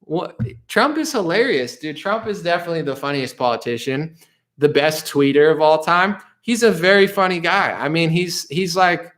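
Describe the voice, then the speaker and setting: Rambling young man with a high voice. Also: animated, moderate pace, fairly bright tone. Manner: rambling, laughs often, restarts, mimics voices; loose talk full of "bro" and "dude". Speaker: streamer answering chat. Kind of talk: casual livestream chat.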